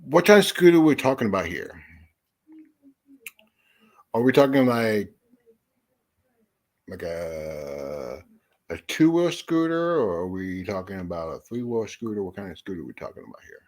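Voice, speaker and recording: A man's voice: fairly low pitch, big pitch swings, normal speed, pauses often, a little mellow. Rambling, profane young man chatting live. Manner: rambling, profane, self-deprecating. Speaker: livestream host. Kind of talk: casual live chat. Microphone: phone or headset mic.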